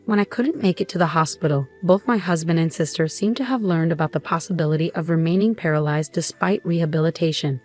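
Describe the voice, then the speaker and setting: Low-voiced woman narrating a story. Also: fast talker, hardly any pauses, a little mellow, soft background music. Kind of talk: first-person story narration.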